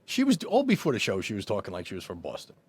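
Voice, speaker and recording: A man's voice: fairly low pitch, wildly swooping pitch, very fast, a little mellow. A man with a New Jersey accent co-hosting a podcast, throwing in wisecracks. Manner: wisecracking, interjects. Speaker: podcast co-host. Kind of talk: casual interview chat.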